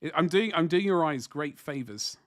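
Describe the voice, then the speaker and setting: A man's voice: a little high, lively intonation, normal speed, a bit bright, dry recording, clean studio sound. Rambling man in his forties. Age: 40s. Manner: rambling, self-deprecating, answers chat. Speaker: miniature painting streamer. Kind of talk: casual livestream chat.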